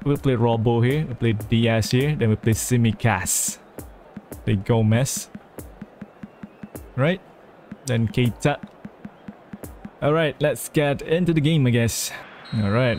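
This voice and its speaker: A man's voice: mid-range voice, measured pace, pauses often, darkish tone, soft background music. A young man giving gameplay commentary, talking himself through moves and groaning or cheering at each play. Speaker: gamer.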